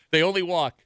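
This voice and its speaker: A male radio host, teasing callers in quick-witted call-in banter. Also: high voice, fairly bright tone, clean tone, no echo, clean studio sound.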